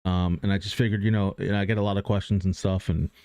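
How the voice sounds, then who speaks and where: A male streamer talks to his chat in a low voice that sounds dry and close. He rambles earnestly about motivation, full of fillers and restarts, with casual swearing. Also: flat delivery, fast talker, a little mellow, no echo.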